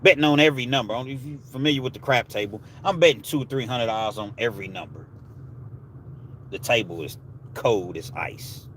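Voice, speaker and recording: Man, casual livestream host, slangy storyteller, mid-pitched voice, faint noise behind. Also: a little fast. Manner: laid-back, animated storytelling with street slang. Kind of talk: casual storytelling and chat with viewers.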